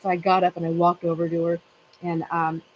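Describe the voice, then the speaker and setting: A woman's voice: fairly low pitch, monotone, a little fast, highs cut off, slight background noise. A middle-aged woman hosting a casual chat with friends, telling a rambling story and laughing often. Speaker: channel host.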